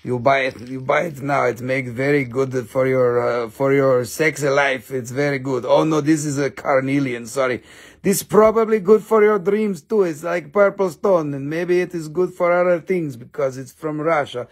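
A man's voice: mid-range voice, normal speed, close to an everyday voice. A man voicing a pushy gem salesman who speaks in comic broken English and sells hard. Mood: hamming pushy.

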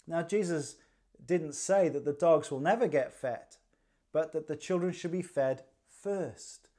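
A man's voice: on the high side, unhurried, dark tone. A man preaching a livestreamed sermon, conversational and dryly humorous, with rhetorical questions. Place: church livestream.

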